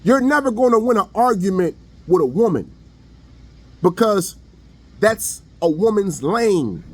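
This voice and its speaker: High-voiced blunt man preaching casually. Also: very animated, measured pace, slightly rough. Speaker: online commentator. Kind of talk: casual opinion monologue.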